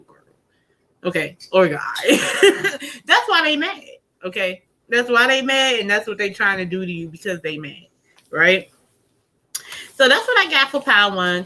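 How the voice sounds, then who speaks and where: A woman does a casual pick-a-card tarot reading, talking straight to viewers in a chatty, slangy, animated way. Her voice is mid-range, and the audio quality is poor.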